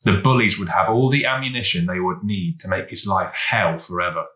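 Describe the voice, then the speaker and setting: A man reading a children's storybook aloud, lively and expressive as he goes. His voice is low yet bright and forceful. The sound carries in a roomy, echoey space. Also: fairly quick.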